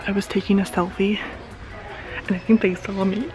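A young woman vlogging casually with excitable, bubbly energy, sometimes dropping to a whisper in public, recorded on a handheld camera. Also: mid-range voice, moderate pace. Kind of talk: casual vlog chat. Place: at home, then a craft store. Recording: pop music clearly audible behind.

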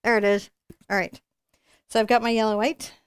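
A woman's voice: fairly high pitch, little pitch movement, a little fast, clean tone, dry recording, studio quality. A woman giving a live painting tutorial, chatting and encouraging as she works and thinking aloud. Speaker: painting instructor.

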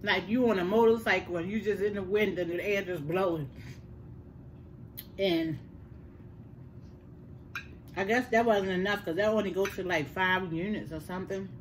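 Older woman, casual storyteller, mid-pitched, faint room noise. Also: normal speed, pauses often. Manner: animated, repeats words for emphasis, addresses listeners as y'all. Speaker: host.

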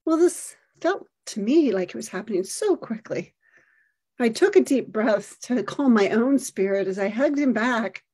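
A middle-aged woman telling a personal story in a reflective, measured way. Her voice is warm and soft, a little breathy, set fairly high. She describes each moment with care. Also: expressive.

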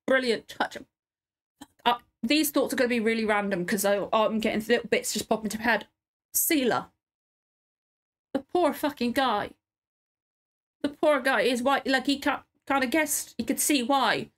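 A reaction video host with a fairly high voice talks at a moderate pace with frequent pauses. Tearful and sniffling, she rambles emotionally and swears a lot as she casually comments on a TV episode at home.

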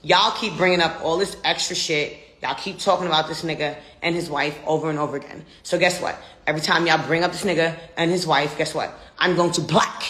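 A woman's voice: deep voice, steady tone, fairly quick, hardly any pauses, fairly bright tone, reverberant. An American woman ranting defiantly in a casual live video, brash and profane. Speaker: social media personality.

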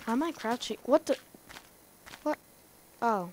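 A woman rambling through casual gameplay commentary, talking excitedly to herself and to the game's characters. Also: on the high side, unhurried, long pauses. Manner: rambling, excitable self-talk to the game. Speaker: let's play gamer.

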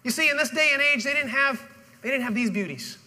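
A man's voice: very high-pitched, lively intonation, fast, pushed and bright. A male pastor preaching a sermon and telling the story dramatically, acting out the people in it. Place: church auditorium. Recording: long hall reverb.

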